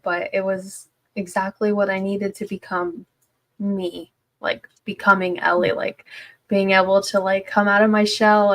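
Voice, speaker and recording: A woman's voice: medium pitch, a bit bright. A woman, a stay-at-home mom, sharing her story in a casual livestream chat, rambling with many fillers and restarts.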